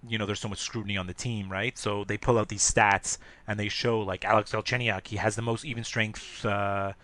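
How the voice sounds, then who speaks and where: A man co-hosting a casual sports podcast, talking in an animated, rambling way and laughing often. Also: on the low side, a little fast, dry recording. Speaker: podcast co-host.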